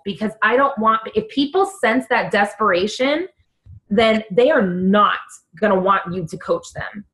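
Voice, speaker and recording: Young woman, fitness coach on a team call; fairly high voice, earnest, fast bursts of words. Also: fairly bright tone, poor audio.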